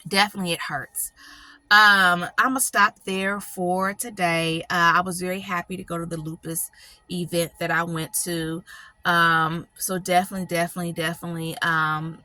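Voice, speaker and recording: A middle-aged woman speaks in a personal vlog with a bright, sharp voice. The sound is dry and close. She is emotional and near tears, and she rambles and keeps checking in with "right?" and "you know.". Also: fairly low pitch, flat delivery, measured pace, no room sound. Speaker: channel host.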